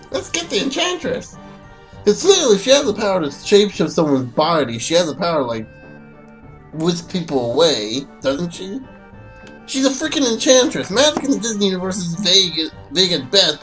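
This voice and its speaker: A man's voice: sits high, very animated, normal speed, fairly bright tone, soft background music. Joking man narrating a game. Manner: rambling, joking, many fillers. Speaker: let's play gamer. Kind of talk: casual gameplay commentary.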